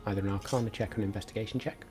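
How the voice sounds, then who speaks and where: Deep voiced guy running a tabletop game, soft music in the background. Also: steady tone, racing. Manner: descriptive, hesitant with fillers. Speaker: game master.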